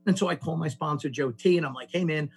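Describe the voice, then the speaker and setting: A man sharing a personal recovery story at a meeting, animated and acting out the voices of the people in it, with many restarts. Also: fairly high pitch, fast. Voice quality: gravelly, husky voice. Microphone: call audio.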